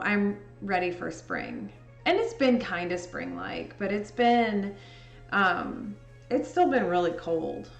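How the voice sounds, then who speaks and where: A woman's voice: fairly high pitch, takes it slowly, echoey room, soft background music. A woman vlogger chatting casually and thinking aloud while she edits. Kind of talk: casual chat while editing.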